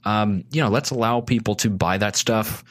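A man's voice: on the low side, normal speed. A man speaking as a guest on a casual podcast, earnestly explaining policy at length with frequent restarts.

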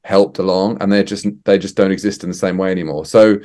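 A man, a theatre director guest on a remote podcast interview, speaking thoughtfully with halting restarts. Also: deep voice, fairly even intonation, darkish tone. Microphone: remote call.

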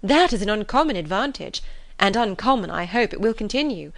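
A woman's voice: mid-range voice, lively intonation, brisk, creaky, dry recording. A woman reading a witty, teasing young woman.

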